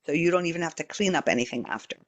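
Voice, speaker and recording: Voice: mid-range voice, lively intonation, racing, dull audio. A podcast guest explaining spiritual ideas earnestly in a casual chat, walking the listener through visualizations.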